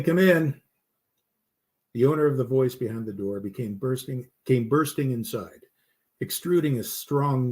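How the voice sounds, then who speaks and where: A man telling a campfire story at a middling pitch, steady in his delivery. He makes small slips and restarts and then carries on. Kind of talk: storytelling narration.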